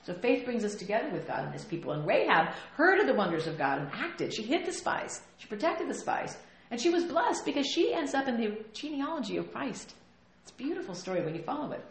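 A woman pastor preaching a lively sermon, often laughing and acting out the voices she quotes. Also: fairly high pitch, fairly quick, reverberant.

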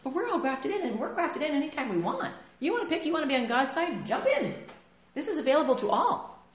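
A woman pastor preaching a lively sermon, often laughing and acting out the voices she quotes. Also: high-pitched, fast talker, reverberant.

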